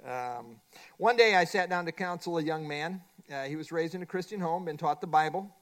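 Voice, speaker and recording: A man's voice: on the high side, moderate pace, fairly bright tone. A middle-aged man teaching a Bible study lesson from a workbook, emphatic and repeating his key points.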